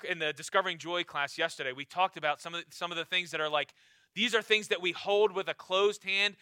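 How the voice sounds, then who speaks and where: A man preaching a sermon as pastor, emphatic and repetitive, swinging from loud urging to quiet low lines. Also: no room sound, clean studio sound.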